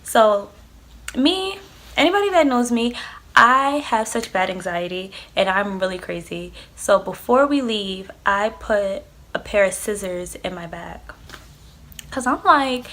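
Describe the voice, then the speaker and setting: A woman's voice: mid-range voice, lively intonation, normal speed, pushed and bright. A young adult woman casually telling a personal story, chatty and loose, swearing freely and filling her talk with "like" and "um". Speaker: vlogger.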